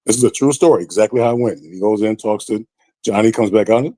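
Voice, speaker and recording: A man with a low, mellow voice tells a story on a podcast, casual and animated, and he puts on lively voices for the people he quotes. The sound is dry and close. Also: fast, dry recording. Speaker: podcast guest.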